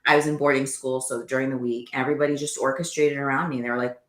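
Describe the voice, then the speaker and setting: A woman guest recounting her own life story in conversation, earnest and animated, often acting out what people said to her. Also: very deep voice, fast, reverberant. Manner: earnest, animated retelling with quoted dialogue.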